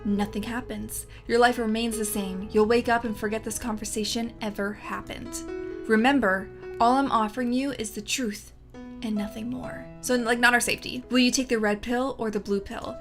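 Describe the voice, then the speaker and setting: A cryptic, solemn young stranger in a video game speaks in a calm, mysterious tone, read by a woman. Her voice stays bright and fairly high, and faint music sits behind it. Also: normal speed. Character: cryptic, solemn young man offering pills.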